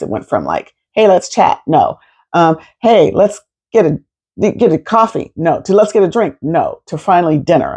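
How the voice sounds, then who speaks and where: A woman in her fifties telling a personal story to camera in an animated, expressive way, swearing freely. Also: deep voice, gravelly, breathy edge. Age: 50s. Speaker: vlogger.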